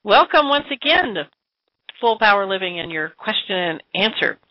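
A woman's voice: medium pitch, sing-song, normal speed, no echo, lo-fi sound. A woman hosting a radio talk show, upbeat and chatty, with fillers.

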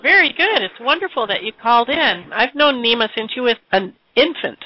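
A woman's voice: a little high, expressive, a little fast, dry recording, highs cut off. A woman hosting a radio talk show, upbeat and chatty, with fillers.

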